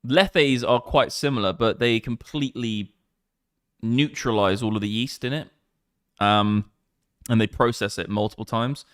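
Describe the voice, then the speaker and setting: A man in his thirties with an English accent, rambling excitedly and swearing often on a casual livestream. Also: medium pitch, measured pace, clean tone, no room sound, clean studio sound. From England. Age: 30s. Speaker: crypto streamer.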